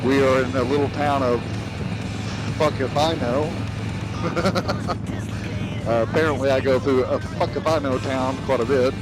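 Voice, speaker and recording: This man rambles and cracks jokes as he rides and vlogs on his motorcycle, wandering off topic. His medium-pitched voice has fairly even intonation at normal speed, competing with loud music, engine, road, and traffic noise in a low-quality recording.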